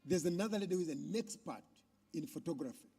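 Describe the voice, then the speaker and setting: A man with a Ugandan accent hosting a conference on stage, loudly introducing speakers to the crowd. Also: a little high, quick pace, slightly rough. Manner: loud, animated announcing to a crowd. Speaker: conference emcee.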